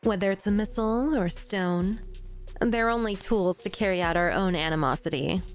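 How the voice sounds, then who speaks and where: A woman's voice: mid-range voice, soft background music, close to an everyday voice. Woman voicing a cold, contemptuous young commander. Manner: calm, contemptuous, measured taunting. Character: cold ruthless young female squad commander. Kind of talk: reading game dialogue aloud on stream.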